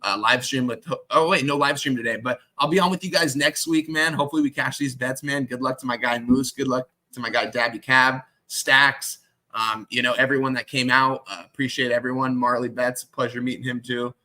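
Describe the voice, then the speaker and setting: A man appearing as a guest tipster, giving sports picks in casual talk, with many "um"s. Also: mid-range voice. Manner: fast and flat, many "um"s.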